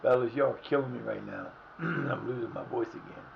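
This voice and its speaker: A man streaming a football management game live, cursing and shouting at his players. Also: medium pitch, normal speed, gravelly, lo-fi sound, slight background noise. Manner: animated, swears, yells at the game. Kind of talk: live gameplay commentary.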